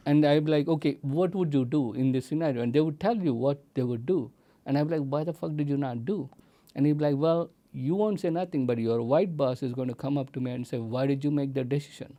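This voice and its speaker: Mellow man, relaxed. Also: on the high side, fast talker. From India. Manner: relaxed, many filler likes. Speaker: podcast guest. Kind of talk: casual chat.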